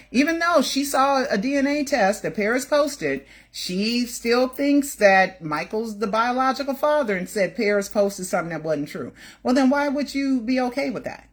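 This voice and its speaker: Husky, chatty middle-aged woman. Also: medium pitch. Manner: chatty, defensive, many fillers and repeats. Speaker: video host reporting celebrity news. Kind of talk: casual rambling commentary.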